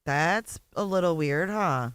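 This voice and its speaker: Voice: mid-range voice, lively intonation, takes it slowly, fairly bright tone, clear, resonant tone. A host reacting to clips with profane, sarcastic, laughing commentary.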